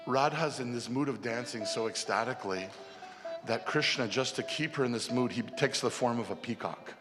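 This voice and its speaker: A man retelling a devotional story in a casual, animated way to a festival gathering. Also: mid-range voice, moderate pace. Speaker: spiritual storyteller. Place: festival hall. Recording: long hall reverb, faint music.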